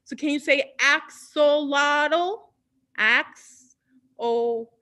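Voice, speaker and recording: Bright, cheery woman leading kids' storytime. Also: sits high, animated, unhurried. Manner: cheerful, sings along, mixes in Spanish words. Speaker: library storytime host. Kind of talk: children's storytime with songs.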